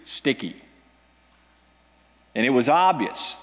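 Animated male preacher in a reverberant hall. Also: moderate pace. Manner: animated, dramatic storytelling with big pitch swings. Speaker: pastor. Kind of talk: sermon. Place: church hall with an audience.

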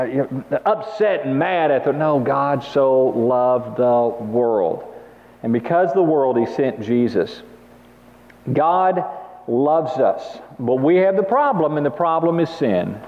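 A man preaching a sermon, telling stories with lively emphasis and asking the congregation to repeat after him. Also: medium pitch. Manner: animated storytelling, laughs, calls for audience response. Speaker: pastor. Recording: muffled sound with long hall reverb.

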